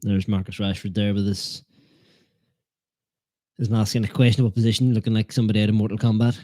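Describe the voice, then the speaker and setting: A man's voice: lowish voice, little pitch movement, fast talker, warm tone, no room sound. A man hosting a live football watchalong stream, chatting in a joking, self-deprecating way and teasing his viewers. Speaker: fan channel host.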